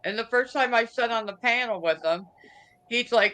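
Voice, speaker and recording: A woman's voice: a little high, normal speed, bright, forceful tone, smooth, low-quality recording. A woman from the United States chatting and telling a story in an online voice chat. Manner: chatty, anecdotal. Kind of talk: casual storytelling in a group chat.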